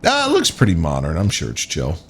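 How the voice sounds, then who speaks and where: A man's voice: deep voice, huge pitch swings, a little fast, fairly bright tone. A man streaming live, joking sarcastically with his chat and the game characters as he plays. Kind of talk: live gaming commentary.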